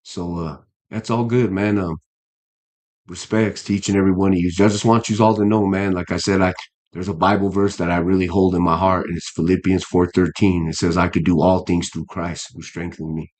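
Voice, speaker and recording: A man's voice: low-pitched, steady tone, brisk, a little mellow. A man in his fifties, a guest boxer in a casual interview, talking earnestly with many restarts and fillers. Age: 50s.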